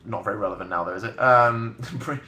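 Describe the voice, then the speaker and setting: A young man from England, in his twenties, livestreams from a bedroom setup indoors, rambling in a sardonic, casual way and laughing often over the comments he reads out. He talks fast in a lowish, pushed, bright voice, and the room is echoey.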